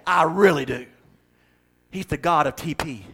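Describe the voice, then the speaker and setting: A middle-aged man preaching a folksy, joking sermon that swells into fervent, loud passages. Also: a little high, measured pace, husky. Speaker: pastor.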